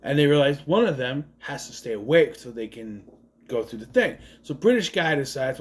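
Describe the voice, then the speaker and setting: A man's voice: mid-range voice, very animated, normal speed. A man giving a casual, rambling movie review, sarcastic and swearing often.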